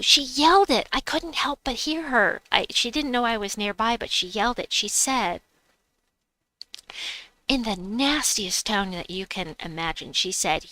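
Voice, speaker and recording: A woman's voice: fairly high pitch, animated, measured pace, bright, forceful tone, dry recording, poor audio. A woman streaming a game, telling a personal story in casual chat and reading viewer messages aloud.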